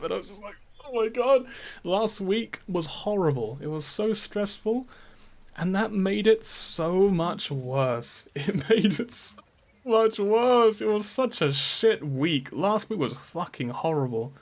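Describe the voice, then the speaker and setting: A man streaming a game, chatting casually into a dynamic microphone, rambling and swearing often as he laughs through his stories. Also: a little high.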